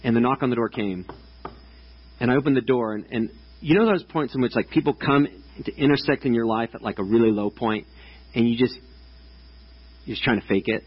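A man's voice: mid-range voice, fairly quick, pauses often, husky, dull audio. A man in his thirties preaching a casual, chatty sermon to a congregation, with lots of restarts and filler words. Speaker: pastor. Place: church stage before a congregation.

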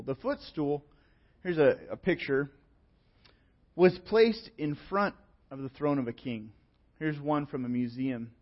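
A man preaching a sermon as pastor, telling stories in a relaxed, conversational way with plenty of fillers. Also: fairly high pitch, lo-fi sound.

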